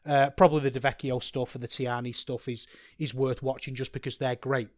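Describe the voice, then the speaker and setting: A man's voice: mid-range voice, little pitch movement, brisk, dry recording, studio quality. A man hosting a solo podcast, rambling and self-deprecating, with frequent restarts. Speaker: podcast host.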